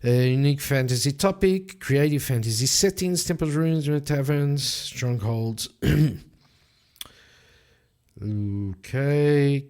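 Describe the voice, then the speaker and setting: A man narrating a solo tabletop adventure in a loose, rambling way, correcting himself as he goes. His speech is slow and unhurried, at an ordinary middle pitch. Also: a little mellow. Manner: casual, rambling, self-correcting. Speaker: solo game player and narrator.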